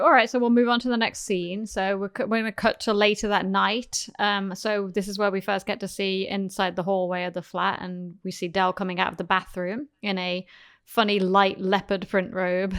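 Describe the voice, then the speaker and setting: A woman's voice: medium pitch, level tone, normal speed, fairly bright tone, clear, resonant tone. A British woman co-hosting a podcast, leading the scene recap in easygoing chat. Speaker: podcast co-host. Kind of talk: casual chat.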